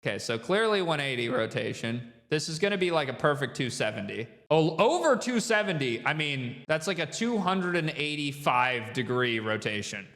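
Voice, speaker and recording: A man's voice: fairly high pitch, big pitch swings, moderate pace, few pauses, fairly bright tone, reverberant, long reverb tail. A man hosting a reaction show, exasperated and incredulous, swearing and laughing as he picks apart a referee's calls. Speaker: host reacting to a skate video. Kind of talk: reaction commentary.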